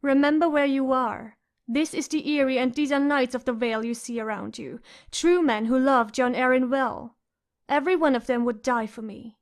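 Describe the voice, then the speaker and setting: Woman playing a haughty noble lady, cold and imperious, high voice, audiobook. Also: moderate pace.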